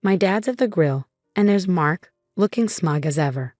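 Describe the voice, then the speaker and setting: A young woman narrating a first-person story in an even, measured way. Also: fairly low pitch, no echo, clean studio sound. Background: faint music.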